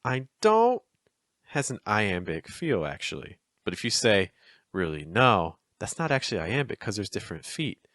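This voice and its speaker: A man explaining poetic meter in a chatty, encouraging video lesson, acting out the stresses with exaggerated rises and falls in pitch. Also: sing-song, brisk, fairly bright tone, dry recording, studio quality. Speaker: poetry teacher.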